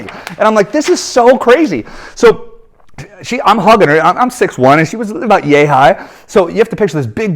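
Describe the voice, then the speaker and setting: A man in his thirties gives an energetic coaching talk about sales. His voice sits a little high for a man. He tells the story with lively swings in pitch and puts on quick voices for the people in it. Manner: animated storytelling, acts out quoted voices. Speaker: business coach.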